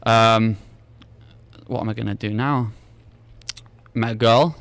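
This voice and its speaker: A man's voice: on the low side, fairly even intonation, takes it slowly, a bit bright. A young British man chatting as a podcast guest, telling stories with lots of restarts and acted-out dialogue. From Britain. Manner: rambling storyteller who acts out dialogue with repeated restarts. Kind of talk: casual chat.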